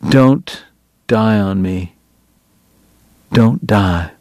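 A man voicing a devoted, clingy frontier saloon woman who coaxes softly and slips into French endearments. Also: on the low side, extremely slow, no echo. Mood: tender pleading. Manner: soft, pleading, dropping into French endearments.

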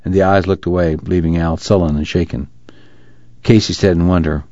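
A man narrating a novel in a steady, measured reading, on a dull lo-fi recording. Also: sits low, no echo. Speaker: audiobook narrator. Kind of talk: scripted narration.

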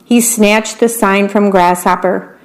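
Slow gentle woman reading bedtime stories. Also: mid-range voice, fairly even intonation. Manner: gentle, describes the pictures for listeners. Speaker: volunteer radio reader.

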